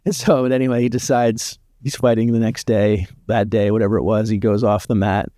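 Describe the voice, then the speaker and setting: A man's voice: on the low side, brisk, dry recording, clean studio sound. A man guesting on a podcast, telling casual stories with many "like" fillers. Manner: relaxed storyteller with frequent "like" fillers. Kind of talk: casual storytelling chat.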